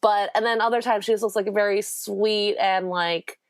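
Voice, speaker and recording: A woman's voice: mid-range voice, steady tone, moderate pace, dry recording, studio quality. Enthusiastic, rambling woman guest. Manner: enthusiastic, rambling, laughs often. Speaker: podcast guest. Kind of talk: casual chat.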